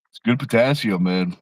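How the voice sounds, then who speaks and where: A man's voice: lowish voice, dry recording, poor audio. Laid-back young man on a stream. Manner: laughs often, easygoing, trails off mid-sentence. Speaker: co-host of a livestream. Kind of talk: casual livestream chat.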